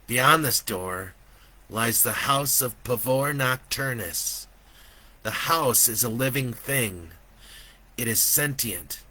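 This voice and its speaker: A man voicing an urgent, ghostly little boy who speaks with slow, solemn insistence. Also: medium pitch, bright, forceful tone. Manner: pleading, commanding, slow and emphatic.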